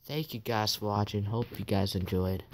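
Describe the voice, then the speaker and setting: A man's voice: lowish voice, fairly even intonation, moderate pace, heavy background noise. A man hosting a gaming video, talking casually through the gameplay in a chatty, teasing way. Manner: chatty and teasing, with mock laughter.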